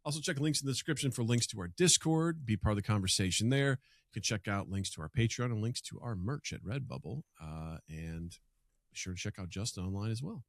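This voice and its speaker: A man in his thirties co-hosting a casual podcast, animated, laughing and swearing as he chats. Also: fairly low pitch, a little fast, no echo, studio quality. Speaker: podcast co-host.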